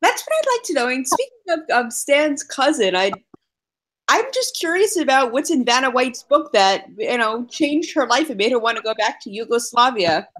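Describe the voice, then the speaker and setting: A woman co-hosts a podcast in casual chat, playful and quick to laugh and agree. Her voice is high and swoops lively up and down. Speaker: podcast co-host.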